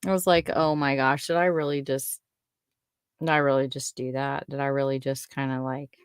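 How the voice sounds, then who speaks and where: A woman's voice: a bass voice, flat delivery, normal speed, clear, resonant tone, dry recording, clean studio sound. A young adult woman hosting a podcast, giving a casual spoken update in a rambling, giggly way that keeps interrupting itself. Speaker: podcast host.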